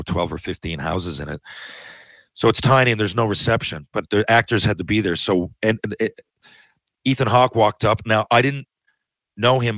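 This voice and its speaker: A man's voice: fairly low pitch, fairly bright tone, dry recording, poor audio. Rambling storyteller man, dry sound. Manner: rambling, self-interrupting anecdotes. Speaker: podcast guest. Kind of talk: casual storytelling.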